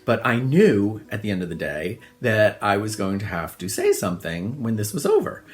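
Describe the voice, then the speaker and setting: A middle-aged man telling funny childhood stories in a relaxed monologue, self-deprecating and often laughing. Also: on the low side, normal speed, faint music behind. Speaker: host. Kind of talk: casual storytelling monologue.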